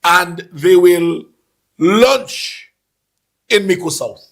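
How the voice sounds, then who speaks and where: A man hosting a casual talk show, animated and laughing, repeating phrases for emphasis. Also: high-pitched, drawn-out words, vocal fry. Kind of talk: casual call-in political chat.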